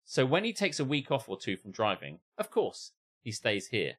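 A male comedy podcast co-host reads an online post aloud and riffs on it, animated, laughing, swearing and putting on mock voices. His voice is mid-range and he talks at a normal speed.

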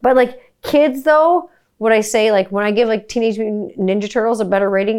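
A woman's voice: a little high, brisk, clear, resonant tone. A woman in her forties hosting a podcast, telling a family story in a casual, rambling way with lots of swearing and filler words. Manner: animated, profane, rambling with many "like" fillers. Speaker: podcast host.

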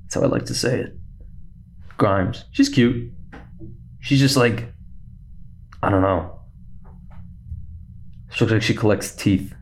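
A young man hosting a casual solo podcast, talking quickly and rambling with a slight lisp. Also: on the low side, slight background noise. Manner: rambling, fast-talking, self-interrupting. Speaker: podcast host.

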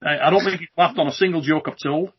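A man's voice: a little high, quick pace, breathy edge, dull audio. A man hosting a casual podcast over a video call. He jokes, swears freely and tells a joke to his guests. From Britain. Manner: brash, joking, swears freely. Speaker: host.

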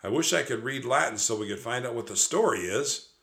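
A man's voice: medium pitch, lively intonation, a little fast, a bit bright. A man voicing a nervous, bookish young boy in a storybook reading, who stammers when scared. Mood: curious.

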